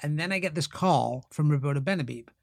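Cercasi uomo ospite, narratore vivace con voce medio-alta e suono asciutto, ravvicinato. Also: male voice, on the high side, fast, creaky, no echo, clean studio sound. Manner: animated, acts out quotes in raised voices. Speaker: actor and writer, guest. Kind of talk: casual storytelling.

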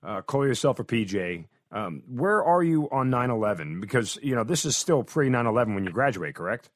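A man's voice: mid-range voice, sing-song, brisk, no echo. Male interviewer with a dry, close sound. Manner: conversational, with small hesitations. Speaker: interviewer host. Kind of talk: casual interview questions.

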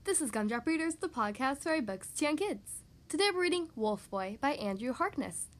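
A woman hosting a podcast, reading a picture book aloud to young children in an animated, expressive way. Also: high voice, brisk. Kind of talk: children's storybook read-aloud.

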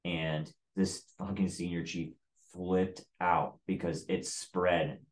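Deep voiced guy telling a story, blunt, swears a lot, says like constantly. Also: flat delivery, takes it slowly. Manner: profane, blunt, fillers of "like". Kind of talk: casual storytelling.

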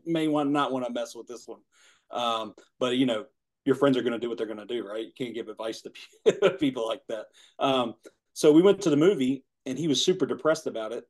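Rambling man in his forties. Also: mid-range voice. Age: 40s. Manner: rambling, laughs often, says "man" and "you know". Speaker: guest. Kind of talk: casual storytelling chat.

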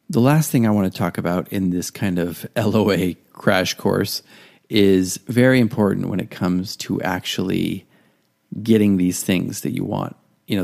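A man's voice: low voice, creaky, a little mellow. A man hosting a podcast, talking earnestly in a casual monologue and sometimes acting out inner voices. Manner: earnest, conversational, acts out quoted inner voices. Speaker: podcast host, artist.

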